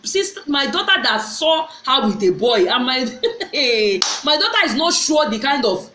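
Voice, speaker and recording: A middle-aged woman speaks to her viewers in a fairly high voice, telling a personal story. She is earnest and often circles back to repeat or restart a phrase. The room around her is echoey. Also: sing-song, a little slow, background noise. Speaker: vlogger.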